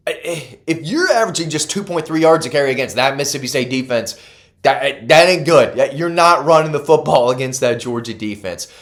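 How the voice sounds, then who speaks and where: A man delivering casual solo college football commentary with a somewhat high-pitched voice. He hammers home his points by repeating the numbers, and he breaks off now and then to correct himself with a quick aside. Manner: emphatic, repeats key stats for effect.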